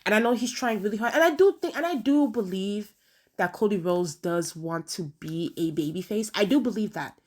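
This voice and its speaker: A woman giving a casual, animated opinion rant straight to her viewers, repeating words for emphasis and talking to them directly. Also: medium pitch, normal speed. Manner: conversational, addresses viewers directly. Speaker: wrestling commentary vlogger.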